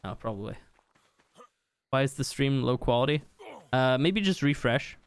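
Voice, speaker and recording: A man's voice: mid-range voice, animated, normal speed, a crowd in the background. Chatty young man streaming a game. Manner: chatty, reads viewer comments aloud, laughs easily. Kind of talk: casual live-stream chat while gaming.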